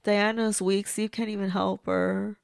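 A woman's voice: medium pitch, little pitch movement, measured pace, vocal fry, smooth, no room sound, studio quality. A woman reacting to a movie as she watches it, gushing and blunt, talking back at the screen. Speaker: movie reviewer. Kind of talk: casual movie reaction commentary.

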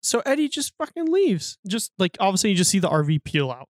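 A man's voice: high-pitched, very animated, fast, dry recording, studio quality. A man co-hosting a podcast, chatting casually about a film with profane, rambling, laughing talk. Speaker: podcast co-host. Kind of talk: casual movie-review chat.

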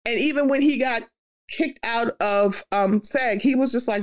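A podcast host in a loose, opinionated conversation. The voice sits at a middling pitch and talks with a lot of swearing. It keeps jumping into mock voices to act out what other people say. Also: moderate pace. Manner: animated, profane, acts out quoted voices. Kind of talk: casual opinion chat.

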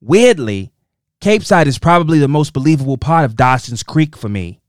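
A man's voice: a little high, expressive, normal speed, no echo, natural voice. Man doing a mock-Boston chatterbox, emphatic, dry and close. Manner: raised, emphatic reading voice. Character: loud, chatty Boston-accented fan reading a letter.

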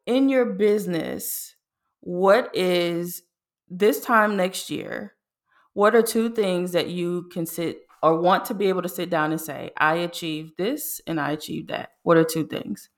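A woman hosting a podcast interview, asking her guest questions in a measured, prompting way. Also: fairly low pitch. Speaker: podcast host.

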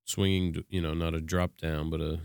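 A man co-hosting a podcast in casual chat, speaking in relaxed, trailing phrases. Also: rumbling low, brisk, gravelly, clear, resonant tone, no room sound, studio quality. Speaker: podcast co-host.

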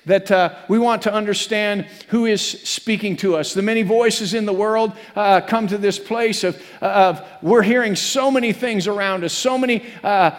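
A man's voice: sits high, normal speed, few pauses. A man preaching a sermon as pastor, earnest and repetitive, building to emphatic peaks. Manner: earnest, repeats phrases, rises to emphatic peaks. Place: church sanctuary. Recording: long reverb of a church hall.

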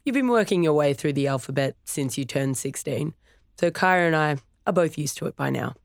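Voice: mid-range voice, lively intonation, normal speed, gravelly, dry recording. A narrator voicing a cheerful middle-aged dad who jokes easily in a storybook reading. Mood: teasing.

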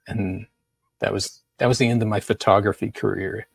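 Artist guest, middle-aged man, slow and relaxed, gravelly voice. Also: lowish voice, dry recording. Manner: slow, laid-back storytelling. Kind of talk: casual conversation.

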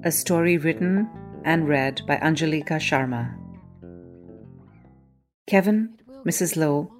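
A woman narrating her own short story in an even, clear storytelling manner. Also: deep voice, takes it slowly, soft background music. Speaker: story author and reader. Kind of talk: scripted narration.

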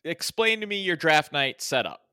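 A man co-hosting a podcast in a slow, wry, laughing way. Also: on the high side, very animated, pushed and bright, clean tone, dry recording, studio quality. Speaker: podcast co-host. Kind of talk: casual chat.

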